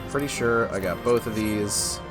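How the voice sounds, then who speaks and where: A man's voice: lowish voice, moderate pace, over loud music. A man streaming a video game, chatting casually and rambling as he plays. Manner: chatty, rambling, with fillers and hums.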